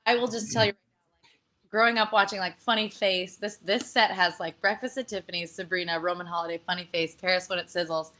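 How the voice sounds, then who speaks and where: A woman guest performer chatting casually in an interview over a video call, animated and laughing often. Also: fairly low pitch, brisk, rough recording.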